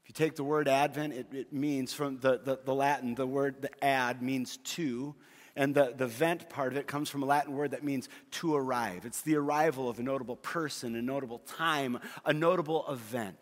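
A man's voice: medium pitch, steady tone, normal speed. A middle-aged man preaching a sermon as a pastor, telling stories with humor and often restarting his phrases. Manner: storytelling with humor, frequent repeated restarts. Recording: long hall reverb.

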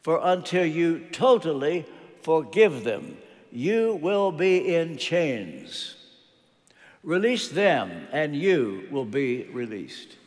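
An older man voicing his stern Romanian friend with a Romanian accent, firm and slow. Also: on the high side, sing-song, in a large hall. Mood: insistent.

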